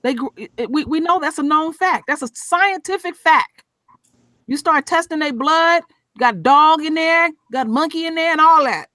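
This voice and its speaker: A woman's voice: high-pitched, moderate pace, pushed and bright, dry recording. A woman hosting a casual chat, talking bluntly and emphatically with plenty of swearing.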